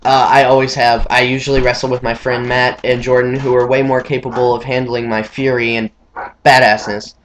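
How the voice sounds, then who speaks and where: A man's voice: a little fast, a little hiss or hum. A young man rambling through a story to the camera, full of fillers and restarts. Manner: rambling, filler-heavy, mimics friends in high excited voices. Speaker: vlogger.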